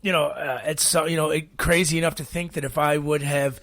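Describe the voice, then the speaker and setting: A man co-hosting a podcast in casual chat, excitable and stammering as he rambles. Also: on the high side, brisk, no echo. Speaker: podcast co-host.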